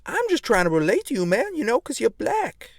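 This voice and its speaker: A man's voice: fairly high pitch, wildly swooping pitch, fairly quick, dry recording, voice pushed up. A clueless young guy pushes slang far too hard on a friend, as a man puts him on. He talks in a raised, bouncy register that leaps up and down. The sound is dry and close, with no room around it. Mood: pushy. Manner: pushy, trying too hard to sound cool. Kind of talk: comedy sketch.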